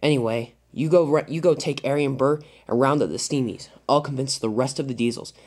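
A bossy villain diesel engine, put on by a narrator in a toy train fan film, barking loud orders at his henchmen. The voice stays close to the teller's own and is a little husky. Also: medium pitch, a little fast, lightly acted. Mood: commanding.

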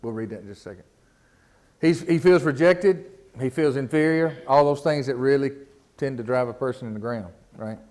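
A man's voice: mid-range voice, normal speed, a little mellow. A man preaching a sermon in a folksy, casual way, often repeating words and asking the congregation questions. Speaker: pastor. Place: church.

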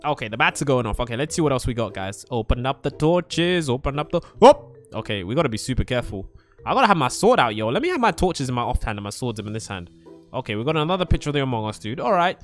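A young man narrating a Minecraft let's play, excitable, yelping and screaming when startled. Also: mid-range voice, fast, soft background music. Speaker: gaming channel host.

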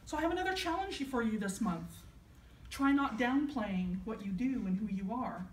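A woman's voice: on the high side, animated, moderate pace, far from the mic, slight background noise. Woman minister preaching in an echoey church. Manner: conversational, storytelling, self-deprecating. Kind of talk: sermon. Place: church sanctuary.

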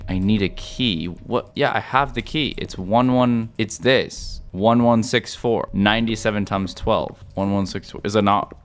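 A young man playing a horror game and commenting, swinging from low mumbles to shrill yelps. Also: a little slow, few pauses, slight background noise. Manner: excitable, flips from mumbling to high-pitched yelps. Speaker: gaming YouTuber. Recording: game music behind the voice.

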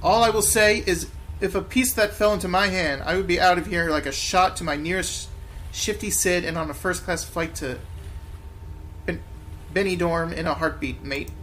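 A man's voice: sits high, steady tone, normal speed, slight background noise. A man doing a brash corrupt London copper. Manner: brash cockney slang, loud and scornful. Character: lazy corrupt male London policeman, cocky.

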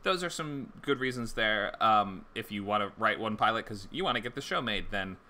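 Lower-voiced man with a very bright tone. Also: expressive, normal speed. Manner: loose, conversational, many fillers and restarts. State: hiccups. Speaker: screenwriting instructor. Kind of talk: casual livestream lecture.

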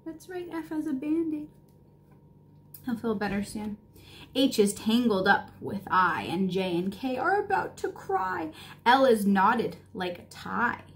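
A woman reading a picture book aloud to children, playful and expressive, sometimes dropping to a whisper and sometimes rising in excitement. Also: a little high, measured pace. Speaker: children's storybook reader.

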